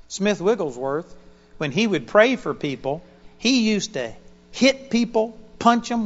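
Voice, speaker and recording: High-voiced, animated male preacher. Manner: animated storytelling, emphatic. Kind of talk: sermon. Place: church auditorium during a live service. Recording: dull lo-fi sermon recording.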